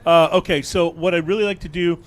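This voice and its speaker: A man hosting a casual talk podcast, relaxed and easygoing, with plenty of uh's. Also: fairly high pitch, fairly quick. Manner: relaxed, easygoing host with fillers. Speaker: podcast host.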